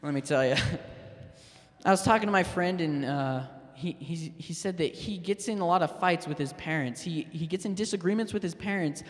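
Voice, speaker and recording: A man doing a stand-up set, halting and deadpan, with fillers and restarts. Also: fairly high pitch. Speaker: stand-up comedian. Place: public access TV studio stage. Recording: long hall reverb.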